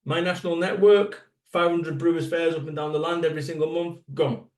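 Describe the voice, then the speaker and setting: Man, 50s, motivational keynote, blunt and sweary, rhetorical questions, slightly high voice, echoey hall. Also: little pitch movement, a little fast, far from the mic. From Salford, England. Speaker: motivational speaker.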